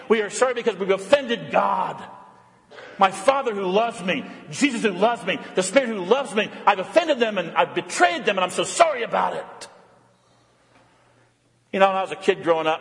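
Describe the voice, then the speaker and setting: A man's voice: sits high, fairly bright tone, big-room sound. A man preaching a Lent sermon, earnest and pleading, sometimes putting on mocking quoted voices. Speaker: pastor.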